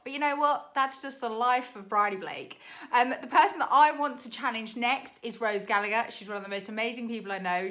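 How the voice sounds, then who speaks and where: A young British woman, a makeup artist, chatting to camera in a rushed, laughing tutorial while doing her makeup. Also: medium pitch, a bit bright. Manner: chatty, rushed, laughing under time pressure.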